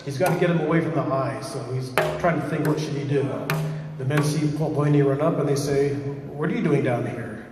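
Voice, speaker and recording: A man's voice: on the high side, a little fast, distant mic, a crowd in the background. Man telling a story in an echoey hall. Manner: lively, asks the audience questions. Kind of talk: oral storytelling to a live audience. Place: large hall with a live audience.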